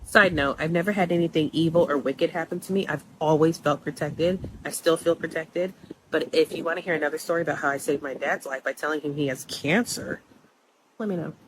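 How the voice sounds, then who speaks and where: A young woman tells a personal story quickly, in a blunt, chatty way with many asides to the listener. Her voice sits low. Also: slight background noise, poor audio. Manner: blunt, animated, conversational with asides.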